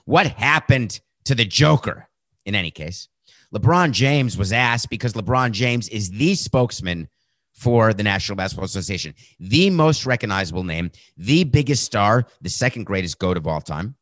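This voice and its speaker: A man hosting a sports podcast, talking sarcastically and acting out quotes with animated, mocking voices. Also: lowish voice, no room sound, clean studio sound. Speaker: podcast host.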